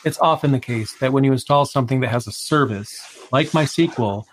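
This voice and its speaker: A man's voice: medium pitch, brisk, a little hiss or hum. A man co-hosting a casual tech podcast, talking in an emphatic, conversational way and often repeating words as he starts a sentence. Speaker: podcast co-host.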